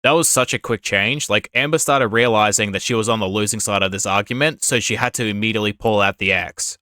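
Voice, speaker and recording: A man with a bright, forceful voice gives casual reaction commentary. He is blunt and sarcastic, swearing freely, recorded close and dry with no room sound. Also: fairly low pitch, brisk, hardly any pauses, no room sound. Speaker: reaction channel host.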